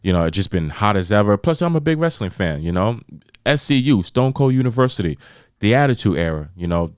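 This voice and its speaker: A man from New York hosting a podcast, venting about sports in a rambling, animated way with many repeats. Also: fairly low pitch, fairly quick, clean tone, no echo, clean studio sound. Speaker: podcast host. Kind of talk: casual solo podcast chat.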